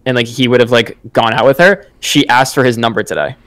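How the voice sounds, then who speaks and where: A young man co-hosting a podcast in loose, casual chat. He rambles through a long story, full of filler words and slang, at a middling pitch for a man. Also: steady tone, a little fast, fairly bright tone. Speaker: podcast co-host.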